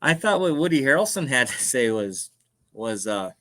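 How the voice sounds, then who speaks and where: A man's voice: mid-range voice, sing-song, moderate pace, bright, forceful tone, slight background noise. A man co-hosting a casual talk show, laid-back, mostly giving brief agreeing replies and jokes. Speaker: co-host. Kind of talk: casual chat.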